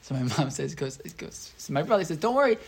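Lively woman teaching a Torah class. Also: deep voice, quick pace, husky. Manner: lively, storytelling, asks the group questions. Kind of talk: interactive Torah lesson.

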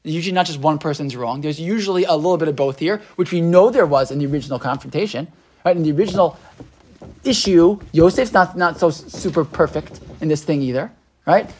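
A man teaching an interactive Torah class. He talks in an animated way, mixes Hebrew terms into his English and keeps checking in with his listeners. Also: fairly high pitch, fairly quick, breathy edge.

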